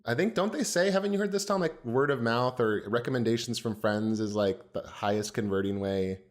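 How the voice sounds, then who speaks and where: A man's voice: mid-range voice, a little fast. A man co-hosting a design podcast, chatting casually with a curious, filler-heavy way of talking. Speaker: podcast co-host.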